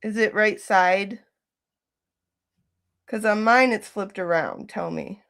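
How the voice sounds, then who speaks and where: A woman hosting a casual livestream, gushing and excitable, gasping and laughing often. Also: mid-range voice, slow pace, vocal fry, no room sound, studio quality. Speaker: livestream host.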